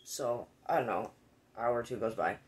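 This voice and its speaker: A man casually telling a rambling, profane personal story, quoting friends with animated voices. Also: medium pitch, normal speed, noisy background.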